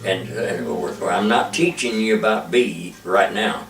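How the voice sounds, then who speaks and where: A man, a preacher, giving an informal ventriloquism lesson with slow, patient, drawn-out demonstrations. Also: low voice. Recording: echoey room, mic far off.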